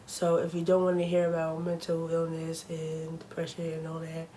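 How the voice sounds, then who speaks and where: A woman's voice: low-pitched, completely flat delivery, moderate pace, dark tone, a little hiss or hum, low-quality recording. A young woman talking casually to her camera at home, chatty and full of fillers, openly nervous. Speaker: vlogger.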